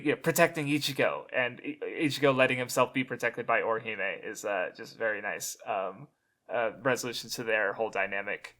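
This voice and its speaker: A male guest in a casual discussion, talking haltingly with many fillers and restarts. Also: medium pitch, sharp tone.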